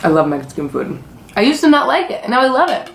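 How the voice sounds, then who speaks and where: A woman's voice: on the high side, sing-song, fast, creaky. A young adult woman chatting casually on camera while eating, rambling through a story with lots of fillers and swearing. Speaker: vlogger.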